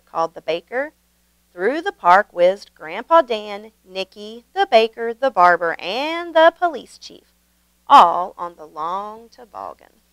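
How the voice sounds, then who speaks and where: Expressive woman reading a picture book. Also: mid-range voice, a little slow, smooth, no room sound, rough recording. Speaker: storybook reader, channel host.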